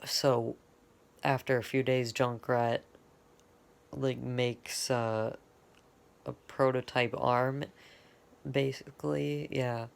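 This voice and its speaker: Slow, gravelly man rambling through a story. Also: mid-range voice, little pitch movement. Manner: rambling, casual, often pauses to correct himself. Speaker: fan storyteller. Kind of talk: off-the-cuff fan lore retelling.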